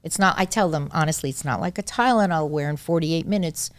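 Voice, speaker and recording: A woman's voice: sits low, fairly quick, no echo. A middle-aged woman doctor explaining treatment in a casual conversation, emphatic and repeating her key points. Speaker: gynecologist guest.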